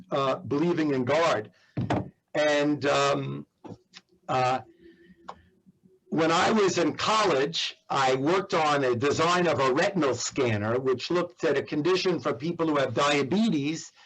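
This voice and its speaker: A man's voice: a little high, low-quality recording. A middle-aged man answering questions in a talk, telling a personal story with plenty of fillers and acting out the quoted voices. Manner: animated anecdotal, acts out quoted voices. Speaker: guest speaker.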